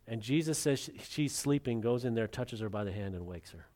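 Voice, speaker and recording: A pastor delivers a sermon in a medium-pitched voice. He acts out the quotes and swings from loud, raised lines to quiet, dropped ones. His delivery is dramatic. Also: fairly quick, few pauses.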